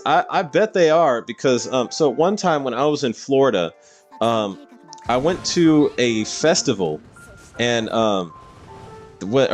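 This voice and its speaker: A man streaming a game live, chatting casually in a rambling storytelling way and often laughing. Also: medium pitch.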